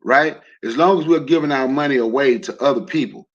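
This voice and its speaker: A man of ordinary pitch talks loosely to his livestream chat, joking, asking questions and driving his point home with emphatic repeats. The sound is dull and lo-fi, like a home stream feed. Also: brisk. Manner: loose and conversational, jokes and asks the audience; emphatic, rallying. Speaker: livestream host. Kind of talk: casual livestream talk to a chat.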